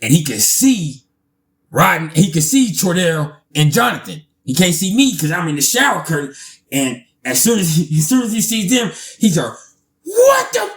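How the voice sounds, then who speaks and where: A man, telling a casual storytime, animated, laughing often and swearing freely. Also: on the high side, normal speed.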